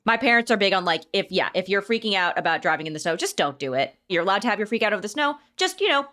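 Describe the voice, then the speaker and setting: A woman guest on a podcast, talking quickly and playfully in casual studio chat. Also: mid-range voice, big pitch swings, pushed and bright.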